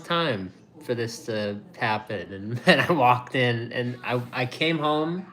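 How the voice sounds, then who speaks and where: A young man chatting casually as a food review vlogger, rambling and excitable, restarting his sentences often. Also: on the low side, unhurried. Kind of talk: casual chat.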